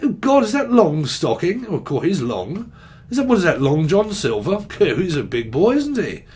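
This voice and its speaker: A man putting on the voice of a gushing, excitable posh person, plummy and shrieky. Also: on the high side, moderate pace, breathy edge, exaggerated voice.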